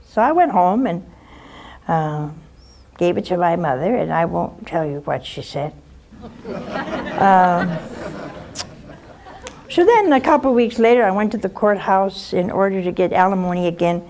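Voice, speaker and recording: A mid-range, darkish voice belongs to an older nun offering a caller advice mixed with personal storytelling. She speaks earnestly and directly, often wrapping up with "huh?" or "see?".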